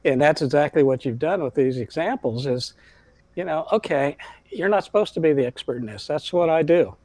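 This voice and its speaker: A man's voice: fairly high pitch, expressive, brisk, darkish tone, dry recording. A man hosting a podcast interview, encouraging and conversational, with frequent fillers as he leads into the next question. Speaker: podcast host.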